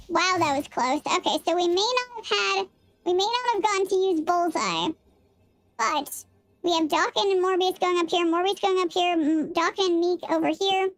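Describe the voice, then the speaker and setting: A young adult woman game streamer, talking through a voice changer filter, chatty and thinking out loud as she plays and answers her chat. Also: extremely high pitch. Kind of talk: casual live-stream chat while playing.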